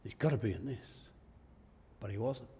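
A man's voice: lowish voice, normal speed, warm tone, a little hiss or hum. A male preacher giving a sermon in a church, reflective in manner and asking the listeners rhetorical tag questions. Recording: echoey hall reverb.

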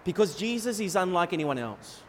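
A man preaching a sermon with great emphasis, going from loud to quiet and acting out the lines he quotes. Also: sits high, sing-song, moderate pace, a little hiss or hum. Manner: emphatic, swings between loud and soft. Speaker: pastor. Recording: long reverb of a large hall.

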